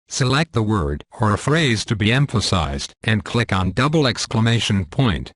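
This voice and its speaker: A man reading a scripted software tutorial in a measured, step-by-step instructional manner. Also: lowish voice, dry recording, clean studio sound.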